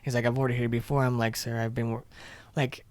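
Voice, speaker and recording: This podcast co-host rambles through a long restaurant story in casual chat, performing the quoted dialogue as he retells the scenes. His mid-range voice moves quickly with little pitch movement, sounding a little mellow, with no echo.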